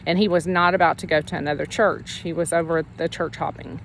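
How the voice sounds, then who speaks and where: A woman's voice: low-pitched, steady tone, fast, creaky, slight background noise. A woman sharing a personal faith testimony in casual, earnest storytelling, emotional and rambling with frequent restarts. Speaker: Christian ministry leader sharing her testimony.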